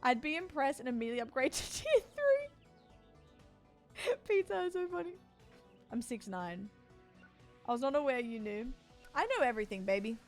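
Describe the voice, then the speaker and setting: A woman in her forties with an Australian accent and a fairly high voice chats casually with her stream viewers. She teases and jokes as she reads and answers chat. Soft music plays faintly behind her. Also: sing-song, a little fast. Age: 40s. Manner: playful, teasing banter, answering chat.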